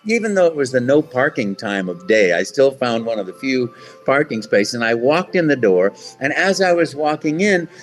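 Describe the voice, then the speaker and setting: A man, a voice actor, telling stories in a casual interview and acting out the voices. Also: mid-range voice. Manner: animated, acts out voices in anecdotes. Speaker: voice actor guest.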